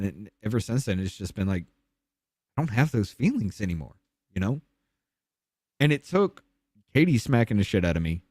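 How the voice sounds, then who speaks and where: A man's voice: no echo, clean studio sound. Blunt, profane man telling his story. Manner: blunt, profane, drops low and quiet on painful parts. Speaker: podcast guest. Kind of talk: candid personal storytelling.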